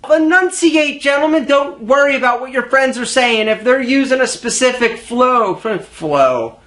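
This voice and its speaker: A man presenting a comedic advice video, teasing and lively as he speaks to camera. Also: extremely high pitch, moderate pace, echoey room. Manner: playful, mocking, lively delivery. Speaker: presenter of a self-improvement video.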